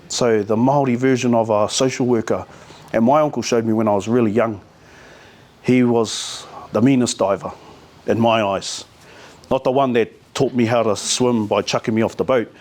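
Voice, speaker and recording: Casual NZ-accented man, middle-aged, easygoing storyteller at a community talk. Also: mid-range voice. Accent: New Zealand. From New Zealand. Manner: relaxed, storytelling with te reo Māori words. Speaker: community speaker.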